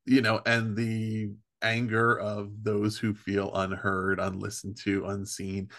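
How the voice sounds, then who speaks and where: A man hosting a podcast interview, talking in a thoughtful, measured way. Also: lowish voice, completely flat delivery, a bit bright, dry recording, clean studio sound. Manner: thoughtful, measured, with fillers like "right" and "you know". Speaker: podcast host.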